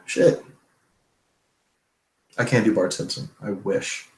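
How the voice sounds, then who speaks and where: A man's voice: on the low side, slow pace, reverberant, low-quality recording. Casual profane streamer man. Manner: loose, profane, chatty. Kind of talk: casual livestream Q&A.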